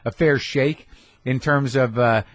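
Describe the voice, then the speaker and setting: A man hosts a loose, reflective podcast conversation and swears offhandedly as he thinks aloud. His voice sits at a middle pitch. It is recorded close and dry in a garage studio. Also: fairly even intonation, unhurried, dry recording, highs cut off. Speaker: podcast host. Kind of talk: casual interview chat.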